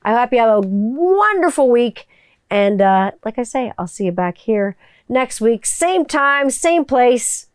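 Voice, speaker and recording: A woman's voice: a little high, very animated, measured pace, clean tone, dry recording, studio quality. A middle-aged woman hosting her own podcast, rambling casually and swearing freely as she signs off. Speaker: podcast host. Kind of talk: casual podcast sign-off chat.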